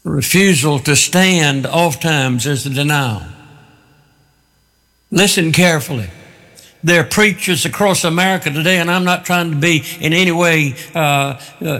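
A male pastor delivers an emphatic sermon, building his points through repetition. His voice is bright and slightly high, and a long sanctuary reverb hangs after every phrase. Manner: emphatic, repetitive preaching cadence.

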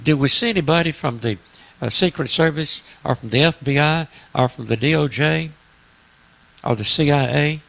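A man's voice: on the high side, normal speed, creaky, fairly bright tone, poor audio. A man hosting a radio talk show, delivering an emphatic, preachy political monologue with frequent "uh" fillers.

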